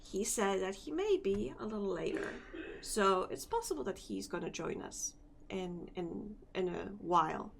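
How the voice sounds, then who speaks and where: A woman's voice: mid-range voice, sing-song, normal speed, vocal fry, a little hiss or hum. A sleepy, yawning woman streamer chatting casually with her viewers, rambling and repeating herself as she wakes up. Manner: rambling, repeats phrases, talks to chat. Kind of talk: casual live-stream chat.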